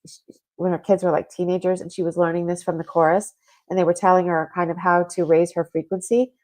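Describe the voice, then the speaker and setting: A woman's voice: fairly low pitch, level tone, brisk, darkish tone. A woman hosting a spiritual talk show, chatting casually and reading listener comments aloud with lots of fillers. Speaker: podcast host.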